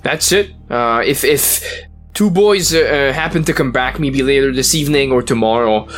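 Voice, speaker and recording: Male tabletop player, hesitant, mid pitch, faint music behind. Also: normal speed. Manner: hesitant, lots of uh fillers. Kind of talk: playing a tabletop game in character.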